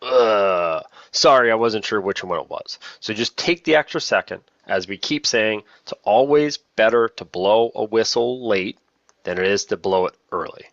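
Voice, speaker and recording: A man's voice: on the low side, animated, moderate pace, a bit bright, no room sound, dull audio. A man training new lacrosse officials in a casual, self-deprecating way, often repeating key points. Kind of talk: casual online training talk.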